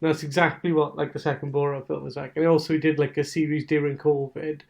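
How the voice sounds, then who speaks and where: Slightly high voiced guy, rambly and sweary, laughing thru his rants on a podcast. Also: flat delivery, fast talker, creaky, darkish tone. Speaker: podcast guest. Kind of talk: casual podcast chat.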